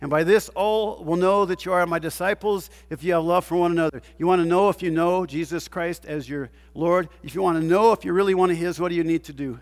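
A man preaching a sermon as a pastor, asking rhetorical questions and swinging between loud emphasis and hushed, quiet passages. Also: high voice, a little fast, hardly any pauses, in a large hall.

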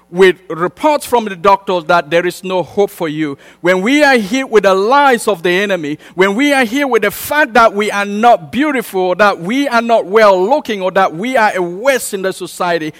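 Preaching in a high, fairly bright voice, a non-native English speaker drives his sermon with repetition and surging emphatic bursts. The church hall gives his words a long reverb tail, with mains hum running beneath.

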